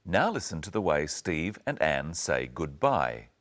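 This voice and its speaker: Deep-voiced man teaching clearly. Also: very animated, very noisy. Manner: slow, clear teaching delivery. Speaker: presenter. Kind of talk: scripted language-lesson narration.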